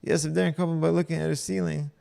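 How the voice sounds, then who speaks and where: A man's voice: fairly high pitch, level tone, racing, vocal fry, mellow. A man streaming himself reading online posts aloud and reacting with profane, exasperated commentary.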